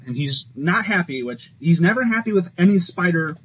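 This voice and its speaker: Animated, high-voiced man chatting about comics. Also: normal speed. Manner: enthusiastic, animated, laughs often. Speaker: podcast co-host. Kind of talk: casual comic book chat. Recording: slightly dull, faint ambient noise.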